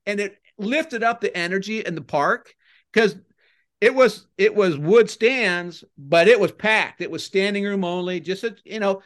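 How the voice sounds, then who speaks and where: An older man, a former baseball coach, chatting as a podcast guest and telling rambling stories that get animated when he retells crowd chants. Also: high-pitched, measured pace. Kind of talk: casual podcast interview, storytelling.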